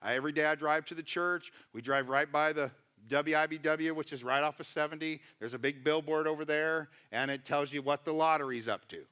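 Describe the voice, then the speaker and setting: Brief: male pastor, sermon, emphatic and chatty, bright and sharp, slightly high voice. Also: fairly quick, hardly any pauses, smooth. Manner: emphatic, acts out quotes in voices; conversational, asks the congregation questions.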